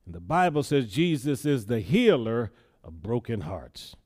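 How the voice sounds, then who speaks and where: A man's voice: medium pitch, sing-song, unhurried, darkish tone. A man preaching a sermon in a church in a conversational way, often adding "yeah" between points. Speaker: pastor.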